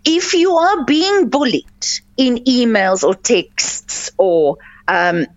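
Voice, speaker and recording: A woman's voice: on the high side, lively intonation, slow, no echo. A woman hosting a radio coaching show, giving earnest advice and repeating her points for emphasis. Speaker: life coach and radio host. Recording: dull lo-fi, dry sound.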